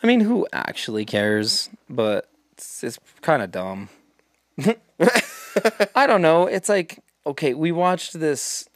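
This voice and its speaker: A man's voice: on the high side, big pitch swings, takes it slowly, pauses often, no room sound, clean studio sound. A man co-hosting a casual chat, ranting with sarcastic asides. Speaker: podcast co-host.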